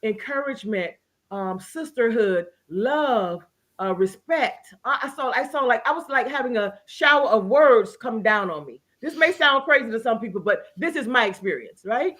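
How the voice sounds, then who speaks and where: A woman's voice: on the high side, lively intonation, moderate pace, fairly bright tone. A woman guest in an interview, telling a personal story earnestly and with feeling, often restarting her sentences. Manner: earnest, emotional testimony with many restarts. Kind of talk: casual interview conversation.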